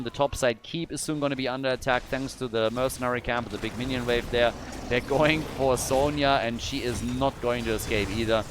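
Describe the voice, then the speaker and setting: A man casting a live esports match with animated play-by-play commentary and casual fillers. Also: mid-range voice, a little hiss or hum. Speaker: esports caster.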